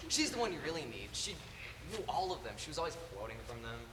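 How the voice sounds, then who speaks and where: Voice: medium pitch, sing-song, fast, close to an everyday voice. A teenage actor playing Gibson, a wry, modest young man in a stage play. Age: teens. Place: school auditorium stage. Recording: echoey auditorium from far off, noise.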